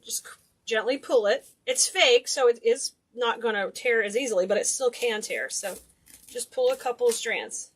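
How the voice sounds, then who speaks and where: A woman's voice: fairly high pitch, animated, normal speed, slightly rough. A woman hosting a casual DIY craft tutorial, chatty and enthusiastic, gushing over cute details. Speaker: craft video host.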